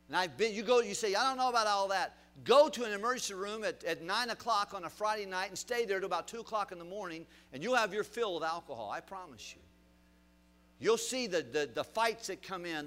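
A male pastor preaching a sermon, swinging between loud emphatic bursts and quiet drops, asking the congregation questions as he goes. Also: sits high.

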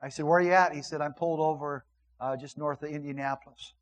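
A middle-aged man preaching from the pulpit in a slightly raised, tenor-leaning voice. He swings between loud, emphatic declarations and quiet, earnest storytelling. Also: fairly high pitch, fairly even intonation, fast talker, poor audio. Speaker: pastor. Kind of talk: sermon with personal story.

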